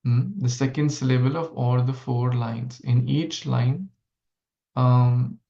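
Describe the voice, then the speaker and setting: Man, scripture class teacher, explains verses syllable by syllable, gravelly voice, echoey room. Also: mid-range voice, fairly even intonation, dark tone. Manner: slow, explains verse syllable by syllable, asks listeners questions. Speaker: Bhagavatam class speaker. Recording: echoey room, dull lo-fi sound.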